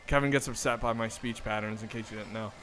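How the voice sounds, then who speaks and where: Bright-voiced sarcastic man telling stories. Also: fairly low pitch, fairly even intonation, soft background music. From northern US. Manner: sarcastic storyteller, quick jokes. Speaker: podcast co-host. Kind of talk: casual chat.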